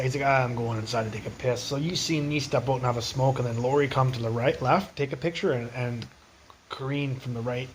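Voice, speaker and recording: A young man rambles through street stories on a phone livestream. His talk is casual and full of profanity, his voice sits at an ordinary middle pitch, and faint background noise runs underneath. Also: rough recording.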